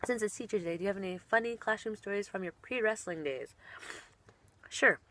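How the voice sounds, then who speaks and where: A woman's voice: medium pitch, brisk, fairly bright tone, a little hiss or hum. A young woman, a professional wrestler, chatting casually while answering online questions, bubbly and giggly and often trailing off mid-sentence.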